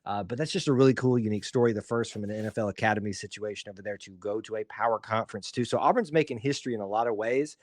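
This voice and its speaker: A man's voice: lowish voice, racing, few pauses, a little mellow, dry recording, clean studio sound. A man from Alabama with an Alabama Southern accent, co-hosting a casual sports podcast in a rambling, joking, self-deprecating way. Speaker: podcast co-host.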